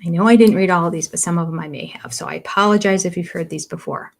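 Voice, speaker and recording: A woman's voice: steady tone, fast, creaky. An older woman hosting a livestream, chatting casually about a reality show and reading out viewer comments with frequent laughs. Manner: chatty, rambling, laughs often; coos in a high voice to her cats.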